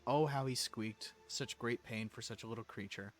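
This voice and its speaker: A man's voice: mid-range voice, moderate pace, close to an everyday voice. A man voicing a cruel, unhinged young woman who taunts and sneers in a text-based mystery game. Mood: taunting.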